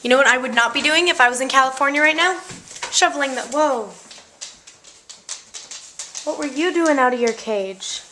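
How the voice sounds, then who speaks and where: A woman's voice: sits high, moderate pace, long pauses, pushed and bright, a little hiss or hum. A young woman from Canada with a girlish voice, chatting casually to the camera at home, easily distracted and giggly. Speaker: vlogger. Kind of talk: casual chat.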